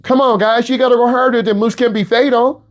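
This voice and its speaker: A man's voice: extremely high pitch, fairly quick. A man from the Midwest, a teacher giving a classroom lecture and pushing his students to work harder. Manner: animated, exhorting students, repetitive.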